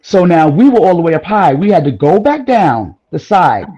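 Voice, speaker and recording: A woman guest in a casual chat, telling a personal story in an animated, rambling way with frequent exclamations. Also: fairly low pitch, normal speed, husky, lo-fi sound.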